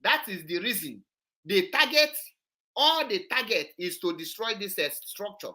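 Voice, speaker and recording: Hosting an online show, a woman reacts to a clip that's been played, speaking emphatically, repeating herself and switching into Igbo. Her medium-pitched voice is expressive, bright and pushed, and her pace is a little slow.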